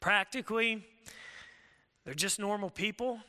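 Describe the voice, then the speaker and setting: A man preaching a sermon in a casual, animated way, often acting out quoted voices. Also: sits high, unhurried. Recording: long hall reverb.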